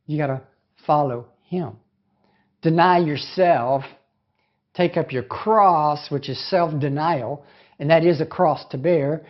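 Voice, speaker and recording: A man's voice: fairly high pitch, takes it slowly, lo-fi sound. A man, a pastor, giving a casual devotional talk in a folksy, conversational way, with plenty of fillers and quotes acted out in other voices.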